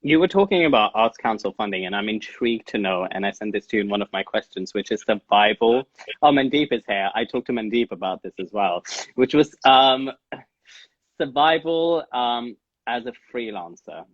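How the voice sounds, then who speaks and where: A man's voice: fairly low pitch, expressive, moderate pace, no echo. A man hosting a casual interview, who asks loose, rambling questions and laughs along with his guest. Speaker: podcast host. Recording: dull lo-fi sound.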